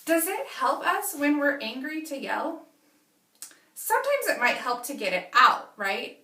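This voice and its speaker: A woman teacher reading a picture book aloud to young children, stopping often to ask them animated questions. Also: high voice, a little slow, recorded from a distance. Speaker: preschool teacher. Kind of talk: children's story read-aloud lesson. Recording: echoey room, away from mic.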